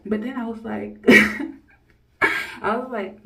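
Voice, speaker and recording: A woman's voice: on the high side, fairly even intonation, takes it slowly, gravelly, a bit bright, recorded from a distance, a little hiss or hum, low-quality recording. A woman in her early twenties telling a personal story to camera in a rambling, blunt way, swearing freely and laughing often. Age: early 20s. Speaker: vlogger.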